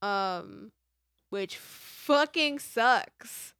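A woman's voice: a little high, expressive, very slow, fairly bright tone, clear, resonant tone. A woman co-hosting a casual podcast, joking, swearing freely and reading a fan's video description aloud, punctuation included. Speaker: podcast co-host. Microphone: mic on a stand.

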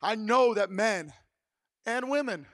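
High-voiced pastor preaching dramatically. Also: male voice, lively intonation, slow pace. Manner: dramatic storytelling preaching, swinging from hushed to shouted. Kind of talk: sermon.

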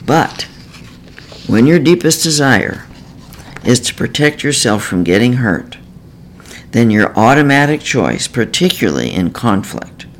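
Measured earnest man narrating. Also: mid-range voice, sing-song, slight background noise, low-quality recording. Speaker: therapist author. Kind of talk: scripted self-help narration.

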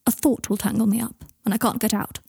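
A woman reading a cool, clipped, sardonic wizard in an audiobook, husky mellow voice, dry close sound, talking with icy politeness. Haughty and guarded. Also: fairly high pitch, fairly even intonation, fast talker, dry recording, heavily acted. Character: aloof, sardonic male wizard.

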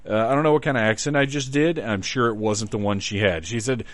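A man's voice: fairly low pitch, brisk, no room sound. A middle-aged man from the Southern United States telling a rambling, self-deprecating story in a casual podcast monologue. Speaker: podcast host.

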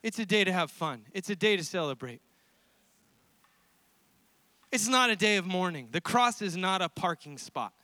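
High-voiced pastor laughing through sermon. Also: male voice, brisk, no room sound. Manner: animated storytelling, laughs often between lines.

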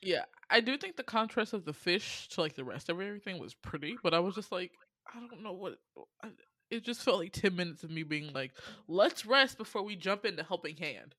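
A woman chatting casually about an animated series, animated in her telling, swearing and laughing often. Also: on the low side, brisk, no echo. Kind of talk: casual chat reviewing an animated anthology.

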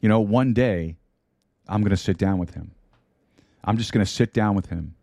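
Low, mellow-voiced male preacher. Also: normal speed, creaky, dry recording. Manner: preaching with repetition, asides and light humor. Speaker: pastor. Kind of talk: sermon. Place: broadcast studio. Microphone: studio microphone.

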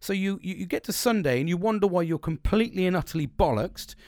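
A man's voice: high voice, expressive, fast talker, darkish tone, no echo, clean studio sound. Blunt, swearing British man. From Britain. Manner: rambling, heavy swearing, blunt. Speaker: podcast co-host. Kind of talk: casual chat.

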